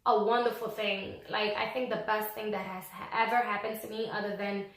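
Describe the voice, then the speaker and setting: A young woman vlogging casually, telling a personal story in a chatty, animated way and acting out what people said. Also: medium pitch, a little fast. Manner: chatty, animated, acts out quoted voices. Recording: echoey room.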